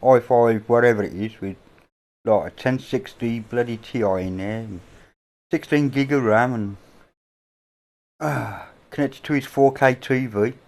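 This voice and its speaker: A middle-aged man with an English accent, hosting a casual livestream chat from a home, rambling and offhand with casual swearing, on a boom-mounted mic. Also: a little slow, gravelly, darkish tone. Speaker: livestream host. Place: indoors at a home. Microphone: boom-mounted microphone.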